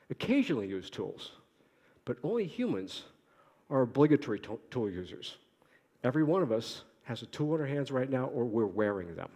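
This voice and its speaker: A man giving an academic conference lecture in a lively, joking way, asking rhetorical questions. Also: fairly high pitch. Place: lecture hall. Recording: echoey lecture hall.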